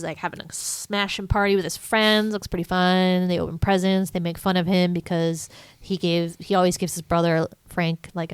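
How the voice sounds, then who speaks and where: Woman cohost recapping a movie, lowish smooth voice, dry close sound. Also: no echo. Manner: chatty, acts out movie lines in quick voices. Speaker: podcast co-host. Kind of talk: casual movie recap chat.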